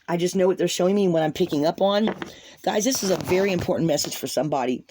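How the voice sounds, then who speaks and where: A woman gives a tarot reading for viewers, speaking earnestly and ramblingly, repeating herself often and calling her audience "guys." Her voice is lowish and mellow, she talks fast, and there's slight background noise.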